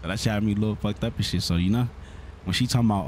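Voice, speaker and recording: A man's voice: fairly low pitch, very fast, darkish tone, a little hiss or hum. A young man streaming a roleplay game, talking in a rambling slangy way full of "you feel me" and filler. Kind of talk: in-character streetwise roleplay talk.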